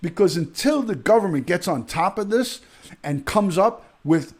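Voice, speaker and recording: A middle-aged man hosting a live stream, his voice sitting a little high for a man. He rants with outrage and hammers his points home. He keeps repeating himself and restarting sentences mid-thought. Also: expressive, moderate pace. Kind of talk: heated live-stream rant.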